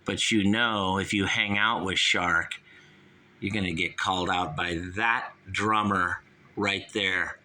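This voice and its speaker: A man's voice: low voice, steady tone, takes it slowly, bright, forceful tone. A man hosting a call-in show, ranting heatedly and swearing.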